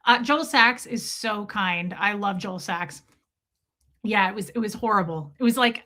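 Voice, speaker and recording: A woman's voice: medium pitch, normal speed, sharp tone. A woman hosting a livestream, chatting casually and candidly with her viewers and swearing freely. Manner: candid and profane, talks straight to chat. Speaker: livestream host. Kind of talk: casual livestream chat reading comments.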